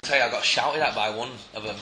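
A man co-hosting a podcast in casual chat, laughing often and telling stories with shouted impressions. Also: medium pitch, fast talker, reverberant, heavy background noise. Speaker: podcast co-host.

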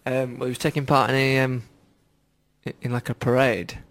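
A man's voice: medium pitch, flat delivery, normal speed, fairly bright tone. A man co-hosting a radio show, telling a news story in a rambling, giggly way and acting out quotes in silly voices. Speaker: radio co-host. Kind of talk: casual comedic news chat.

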